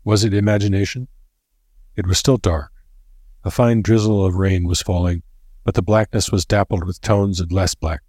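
A man narrating a novel in a measured, dramatic storytelling manner. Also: low voice, steady tone, a little mellow, husky, no room sound, clean studio sound. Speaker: audiobook narrator.

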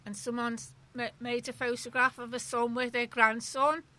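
A woman joins a casual conversation, often chiming in to agree. Her voice is bright and a little high. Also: little pitch movement, normal speed. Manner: agreeing, many "yeah". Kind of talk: casual chat.

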